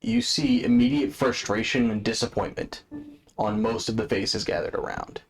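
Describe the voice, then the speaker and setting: A man's voice: on the low side, fairly even intonation, normal speed, breathy edge. A man narrating a tabletop game as game master, casual and swearing freely.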